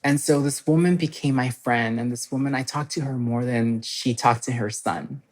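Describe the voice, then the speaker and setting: A woman guest telling personal stories in casual podcast chat, animated and full of "like" fillers. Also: rumbling low. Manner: animated, fast storytelling with many "like" fillers.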